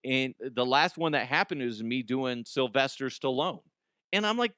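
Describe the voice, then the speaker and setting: A man's voice: medium pitch, lively intonation, normal speed, fairly bright tone, smooth, dry recording, studio quality. A man in his forties hosting a comedy podcast, rambling in a casual, profane monologue. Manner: profane, rambling, laughs at own jokes.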